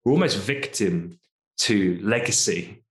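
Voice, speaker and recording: A man's voice: on the low side, expressive, slow. A man from the UK co-hosting a casual finance podcast, chatty, laughing often and hedging with asides. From United Kingdom. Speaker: podcast co-host.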